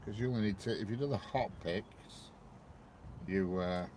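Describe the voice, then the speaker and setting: A man's voice: lowish voice, normal speed, darkish tone, slight background noise. A man, rambling casually to viewers on a train-spotting live stream and greeting them by name.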